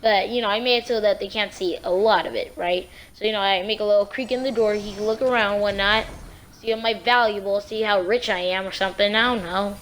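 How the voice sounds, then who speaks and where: A woman casually telling a true story on her vlog in a rambling, slangy, animated way. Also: medium pitch, fairly quick, slight background noise.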